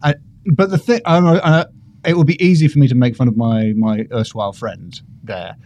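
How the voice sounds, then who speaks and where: A man's voice: mid-range voice, moderate pace, dark tone, muffled recording. A man from Britain, a comedian guest, telling self-deprecating stories in a rambling, casual podcast chat.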